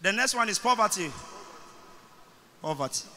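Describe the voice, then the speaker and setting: A man with a Nigerian English accent, a bishop leading a Bible study who preaches and breaks into shouted declarations. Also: high voice, lively intonation, normal speed, soft background music. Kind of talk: sermon. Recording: echoey hall.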